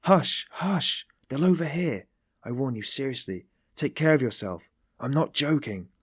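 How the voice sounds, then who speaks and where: A man's voice: mid-range voice, big pitch swings, a little slow, fairly bright tone, slightly rough, no echo, clean studio sound, pitched above the performer's own voice, heavily acted. A man voicing a sly, genial detective who teases in a mocking, ironic way. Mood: urgent. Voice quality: tittering, mocking.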